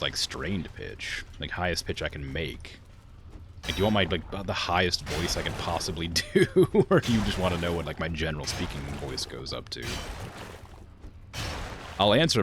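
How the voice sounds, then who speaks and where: A man's voice: rumbling low, noisy background. A man streaming a game in casual chat, rambling through viewer questions with lots of "like" fillers. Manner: rambling, heavy use of "like" fillers; answers viewer questions while playing.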